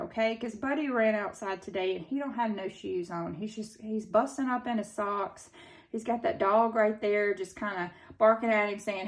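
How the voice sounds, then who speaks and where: A woman's voice: mid-range voice, normal speed. A woman in her thirties with a Southern US accent giving a casual tarot reading, blunt and chatty, swearing freely and using lots of fillers. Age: 30s. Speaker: tarot reader.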